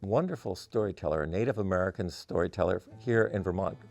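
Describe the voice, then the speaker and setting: A man's voice: low voice, fast, gravelly, a little mellow, faint music behind. A man, a musician guest in an interview, telling stories in a rambling way with many "you know" fillers. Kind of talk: casual interview storytelling.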